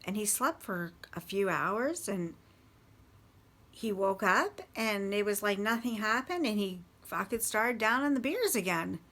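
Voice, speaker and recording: A woman casually recounting life with a partner's drinking, halting and swearing bluntly, with many restarts. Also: medium pitch, animated, a bit bright. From Canada. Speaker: partner of a recovering alcoholic. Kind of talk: casual personal storytelling.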